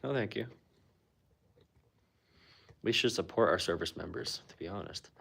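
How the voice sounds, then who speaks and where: A man's voice: deep voice, normal speed, vocal fry, long pauses. A man talking politics in a casual, blunt, sarcastic way, with lots of "like" fillers. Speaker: political commentator. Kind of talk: casual chat.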